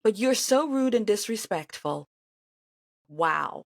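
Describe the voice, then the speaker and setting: A woman in a reaction vlog, ranting at the screen with sharp sarcasm. Her voice leaps all over the place, from loud outbursts down to low mutters. The sound is dry, with no room echo. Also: moderate pace. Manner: indignant and sarcastic, talks back at the screen; animated, swings between loud outbursts and mutters. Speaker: vlogger reacting to an interview. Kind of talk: reaction commentary.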